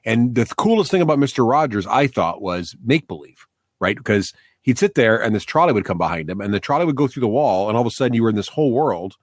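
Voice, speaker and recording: A man with a middle-pitched voice hosts a casual podcast, spinning a lively personal anecdote and prodding his guest with questions. The sound is close and dry, with no room around it. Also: quick pace, no echo. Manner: storytelling, animated asides, warm backchannels. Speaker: podcast host. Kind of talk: casual interview chat.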